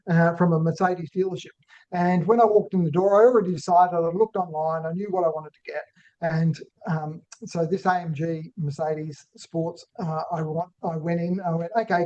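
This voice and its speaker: A man with a high-pitched, slightly mellow voice presents a business webinar, weaving in a personal story. He keeps it conversational and repeatedly checks in with "right?". The online call microphone gives the recording a dull, lo-fi webinar sound.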